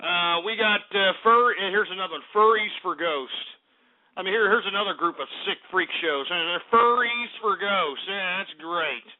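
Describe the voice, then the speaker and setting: A male radio host with a high-pitched voice launches into angry, profane tirades between listener shout-outs. The audio is thin and tinny, like a phone line. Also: normal speed. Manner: angry, profane ranting with sudden outbursts. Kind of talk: ranting internet radio broadcast.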